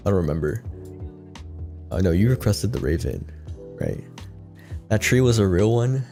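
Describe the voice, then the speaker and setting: A man's voice: fairly low pitch, sing-song, moderate pace, vocal fry, dark tone. A man streaming from his piano, reading a storybook and chatting casually with his chat, easily amused. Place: at a piano in a home streaming setup.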